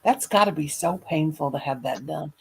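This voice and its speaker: A woman's voice: low voice, normal speed, gravelly, husky. A woman hosting a casual chat show, talking in a folksy way with endearments and homespun sayings. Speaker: show host.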